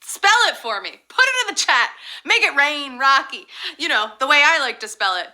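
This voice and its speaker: A woman hosting a live trivia game show, chatting casually in a bubbly, playful way with quick asides. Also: sits high, big pitch swings, bright, forceful tone. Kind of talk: casual chat.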